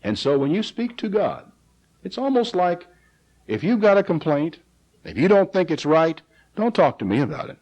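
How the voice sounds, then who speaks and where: Animated male preacher, 1980s sermon. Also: high voice, moderate pace, rough recording. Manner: earnest preaching, reading scripture aloud, rising to pleading cries.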